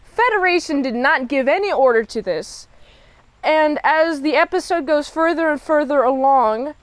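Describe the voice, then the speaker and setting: A woman giving a casual, chatty spoiler review of a TV episode, animated and quick to laugh. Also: high-pitched, no echo. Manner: chatty, animated, laughs often, acts out characters' lines.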